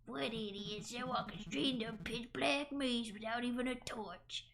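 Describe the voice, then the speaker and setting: A woman voicing a greedy, cocky male guard in a game, reading aloud on a stream with a gruff put-on voice. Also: fairly high pitch, normal speed. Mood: mocking. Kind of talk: game voice-over read on stream.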